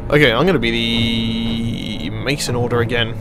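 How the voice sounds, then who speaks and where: Excitable young man yelling at a game. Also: mid-range voice, normal speed, music in the background. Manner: excitable, swears and yells at the game. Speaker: let's play commentator. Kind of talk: live gameplay commentary.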